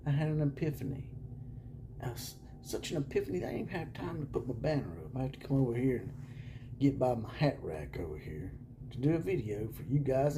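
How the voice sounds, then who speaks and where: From a room at home, a man runs his own college football video channel, speaking casually and sarcastically with chuckles and the occasional hushed mock-whisper. His voice is medium-pitched, very animated and fairly quick, with a noisy background.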